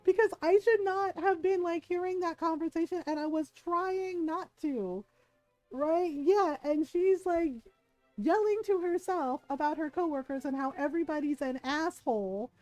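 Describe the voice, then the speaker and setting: A woman streamer chatting casually while gaming, telling an animated, profane story with frequent laughter. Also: very high voice, normal speed, no echo, faint music behind, rough recording.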